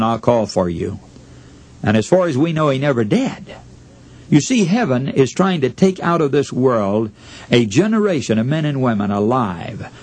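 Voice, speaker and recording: A man with a husky, breathy voice preaching a radio sermon. He talks in an earnest, pleading way and slows down for dramatic readings. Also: mid-range voice, darkish tone.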